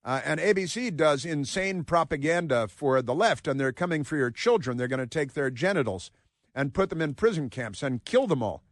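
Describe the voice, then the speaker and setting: A man's voice: fairly high pitch, lively intonation, moderate pace, dry recording, clean studio sound. A man hosting talk radio, mocking and rambling, with frequent filler words. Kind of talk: casual talk radio commentary.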